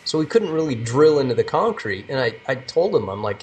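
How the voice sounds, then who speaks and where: A man co-hosting a podcast tells a story in casual chat, his pitch swinging widely. Faint music plays in the background. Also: a little fast. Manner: animated storytelling, laughs easily. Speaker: podcast co-host.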